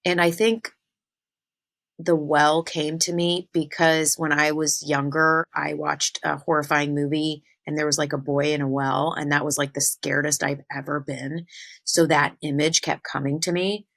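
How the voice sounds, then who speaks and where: A woman with a low voice tells a personal story as a spiritual medium. She sounds earnest and speaks straight to her listeners. She slows down to lean on the words that matter. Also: flat delivery, a bit bright, rough recording. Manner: earnest, addresses listeners directly.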